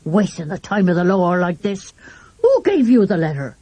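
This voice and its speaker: A woman playing a blustering middle-aged policeman, gruff and pompous, husky tone. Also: lowish voice, sing-song, moderate pace, mellow, no echo. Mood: indignant. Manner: gruff and self-important, raises his voice.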